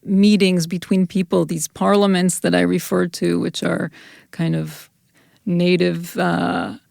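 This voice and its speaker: Woman guest on a podcast: low, a bit gravelly, thoughtful and unhurried. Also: level tone, darkish tone, no room sound, clean studio sound. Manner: thoughtful, measured, with restarts. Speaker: guest scholar, folklorist and anthropologist. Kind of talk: podcast interview answers.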